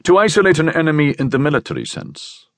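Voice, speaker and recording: Raoul, a coldly calculating man, lays out a cruel plan in a measured, smooth tone, as a man puts him on. His voice sits a little higher than plain talk and moves along briskly. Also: huge pitch swings, dry recording. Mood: coolly scheming. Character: cold, calculating man plotting a slow revenge.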